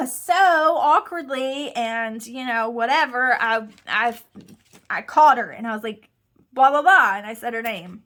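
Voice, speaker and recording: A woman's voice: fairly high pitch, expressive, a little slow, a bit bright. A woman in her thirties telling a personal story in a casual, chatty, self-deprecating way, often quoting herself and others. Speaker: host.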